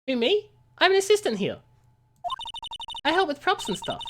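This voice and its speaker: A woman voicing a chipper young female studio assistant with a high put-on voice. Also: very animated, moderate pace, background noise. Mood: chirpy.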